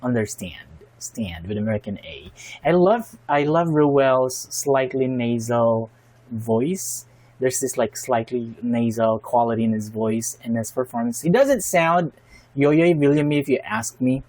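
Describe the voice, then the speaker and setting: A man's voice: mid-range voice, unhurried, darkish tone, dry recording, low-quality recording. A man hosts a reaction video, giving thoughtful and admiring commentary with frequent fillers and restarts. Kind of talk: casual spoken commentary.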